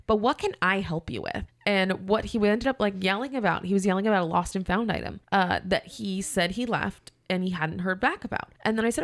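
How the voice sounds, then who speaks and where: A woman guest on a podcast, telling a story in a casual, animated way and acting out both sides of a phone call. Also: mid-range voice, a little fast, few pauses, no room sound, studio quality.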